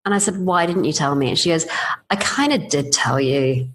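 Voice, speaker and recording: A woman hosts a podcast in a low voice, empathetic and reflective as she shares her own stories. A faint hiss sits under her voice. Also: lively intonation, moderate pace. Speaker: podcast host. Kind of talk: casual conversation.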